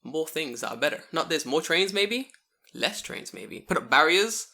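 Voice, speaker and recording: Man, podcast host, casual chat, cursing storyteller, lively swinging pitch, bright sound. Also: normal speed. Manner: animated storyteller who swears freely.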